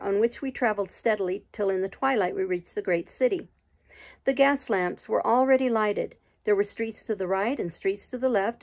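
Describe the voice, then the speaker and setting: A woman reading a classic novel aloud in slow, measured storybook narration. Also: medium pitch, creaky. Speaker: audiobook reader.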